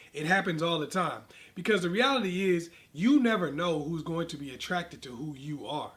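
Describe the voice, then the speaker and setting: A man's voice: a little high, a bit bright. A man giving confident sales advice in a casual monologue, stressing his points in long repeated lists. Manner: confident, direct. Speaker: sales coach vlogger.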